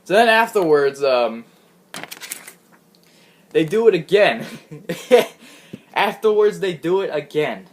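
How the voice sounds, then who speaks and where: A man's voice: a little high, sing-song, measured pace, pauses often, a little hiss or hum. A man giving a casual, rambling recap of a wrestling show, often laughing and restarting his sentences. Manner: chatty, giggly, rambling with restarts.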